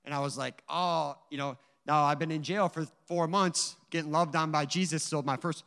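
A man's voice: a little high, normal speed, fairly bright tone, big-room sound. A man giving an earnest, emotional personal testimony to a church audience, telling his story with many asides. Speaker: guest speaker giving a testimony.

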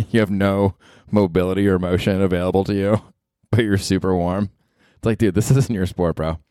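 Deep-voiced, swearing man in his forties. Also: fairly even intonation, normal speed, dark tone, no room sound, clean studio sound. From US South. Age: 40s. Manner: profane, rambling, laughs often. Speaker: podcast host. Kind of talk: casual solo podcast chat.

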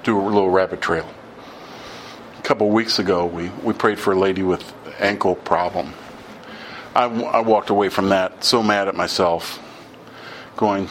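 A man's voice: deep voice, normal speed, slight background noise. A middle-aged man giving an informal sermon, telling stories in a conversational way and acting out the dialogue. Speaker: preacher.

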